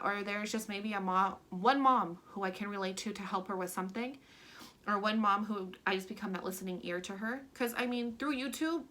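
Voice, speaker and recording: Bright-voiced young mom vlogger, chatty. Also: female voice, medium pitch. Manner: chatty and candid, many "like" fillers, gets emotional. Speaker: stay-at-home mom vlogger. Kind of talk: casual Q&A vlog chat.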